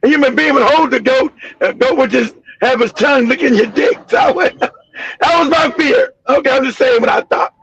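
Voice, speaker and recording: A man hosting a livestream, telling a crude story in an animated, profane way with loud outbursts. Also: extremely high pitch, a little fast, vocal fry, highs cut off. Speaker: host.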